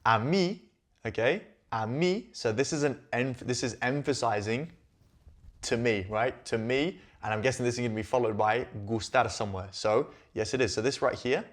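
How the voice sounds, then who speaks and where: A man teaching Spanish, walking slowly through on-screen sentences and repeating each phrase before translating it. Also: medium pitch. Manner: patient, repeats phrases, thinks aloud.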